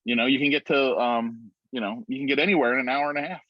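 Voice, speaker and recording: A man on a video call, telling a story in a rambling, animated way full of "like"s. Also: medium pitch, fast talker, no echo. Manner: rambling, animated retelling with many "like"s. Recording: muffled video-call audio.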